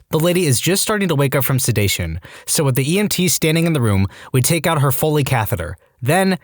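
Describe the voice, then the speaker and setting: A man reading online stories aloud as a scripted narration, animated and given to comic rants. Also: mid-range voice, no echo, clean studio sound. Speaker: story narrator.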